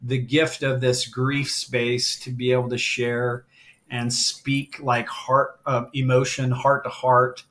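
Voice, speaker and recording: A middle-aged grief coach appears as a guest on a live stream, telling a heartfelt story and growing emotional as he speaks. His medium-pitched, slightly bright voice moves slowly with little pitch movement.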